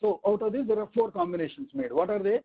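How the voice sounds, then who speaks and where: Guy giving a scripture lesson, high voice, keeps asking "right?", tinny call audio. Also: big pitch swings, vocal fry, slightly rough. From India. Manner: explains step by step, asking rhetorical questions and reciting Sanskrit verses slowly. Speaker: teacher of a scripture class. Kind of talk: weekly online scripture lesson.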